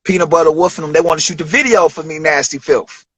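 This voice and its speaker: A man telling a studio story as an interview guest, animated, acting out quotes with big jumps in pitch. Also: fast, husky, no echo. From Detroit.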